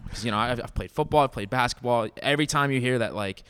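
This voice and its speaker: A young man co-hosting a casual podcast, an animated storyteller who acts out quotes and laughs often. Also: mid-range voice, quick pace, smooth. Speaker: podcast co-host. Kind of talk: casual chat.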